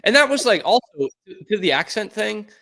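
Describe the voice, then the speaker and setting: A young man from the Boston area with a mostly suppressed Boston accent, hosting a sports talk show in animated, opinionated casual chat. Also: sits high, a little fast, creaky. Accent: mild Boston, mostly suppressed. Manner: animated, opinionated, lots of fillers.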